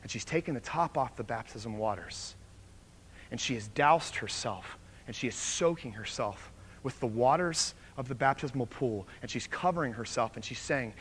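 A man's voice: mid-range voice, moderate pace. Man preaching, faint room hum behind. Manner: animated storytelling that drops to soft, hushed prayer. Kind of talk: sermon with story and altar call.

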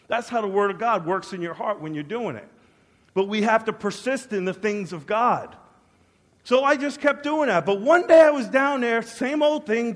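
A middle-aged man preaching a personal testimony, swinging from hushed to loud as he acts out his prayers, in a large church hall. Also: high voice. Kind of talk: sermon testimony. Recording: long hall reverb.

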